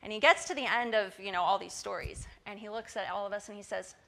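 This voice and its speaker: A woman in her twenties giving a personal testimony at a church service, telling her story in a lively way. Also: medium pitch, quick pace, vocal fry. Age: 20s. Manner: lively storytelling, acting out quoted dialogue. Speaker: church guest speaker.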